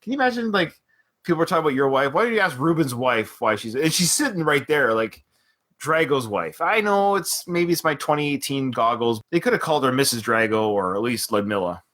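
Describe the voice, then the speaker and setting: A podcast host from Canada chats about a boxing film in a bright, forward voice. His pitch bounces freely as he quotes and riffs. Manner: animated, quick to laugh and quote. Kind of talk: casual chat.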